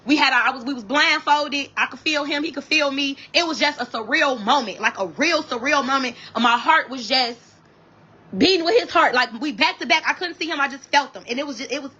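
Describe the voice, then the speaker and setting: A woman telling her own wedding story to viewers on a livestream from her bed. She is animated and profane, keeps calling her viewers y'all, and speaks. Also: high voice, brisk, dull audio. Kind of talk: casual storytelling to a live audience. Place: at home in bed.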